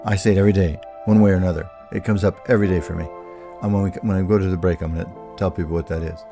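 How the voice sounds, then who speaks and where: A man's voice: low-pitched, steady tone, rapid-fire, music in the background. A man hosting a radio talk show, talking casually and rambling to his listeners about a healing prayer, often restarting his sentences.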